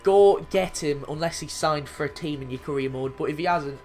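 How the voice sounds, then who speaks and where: A young man in his twenties giving excitable, sweary commentary over his own football video game match. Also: fairly high pitch, quick pace, faint music behind. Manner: excitable, sweary, frequent frustrated outbursts. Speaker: gaming YouTuber. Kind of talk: gameplay commentary.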